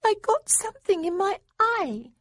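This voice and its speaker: A woman reading an audiobook, voicing an excitable, whiny six-year-old girl who pleads and shrieks. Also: extremely high pitch, measured pace, dry recording, studio quality, voice pushed up, exaggerated voice. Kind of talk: audiobook narration.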